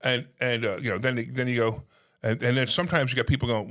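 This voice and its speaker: A man telling stories in casual conversation, animated, acting out phone calls in quoted voices. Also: medium pitch, quick pace. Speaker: podcast guest, real estate investor.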